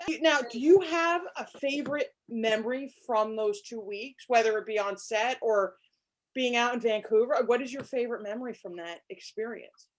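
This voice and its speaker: A woman's voice: on the high side, moderate pace, rough recording. Woman interviewer asking questions. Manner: brief affirming interjections.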